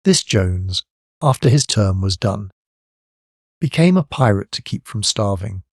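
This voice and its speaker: A wry, devoted young pirate lieutenant tells a shipmate's story with knowing amusement, as a man reads him aloud. The voice sits low and dry, close to the mic, like a storybook read at the table. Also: lively intonation, unhurried, dry recording.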